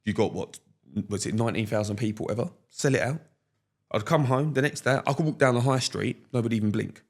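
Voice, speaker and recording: A young man, a podcast guest telling stories in casual chat, slangy and animated, laughing often. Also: medium pitch, quick pace.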